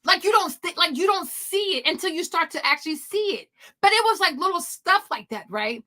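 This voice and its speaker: A woman hosting a casual commentary stream, talking to viewers in an animated, emphatic way and acting out her own past reactions. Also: very high-pitched, fairly quick. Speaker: host.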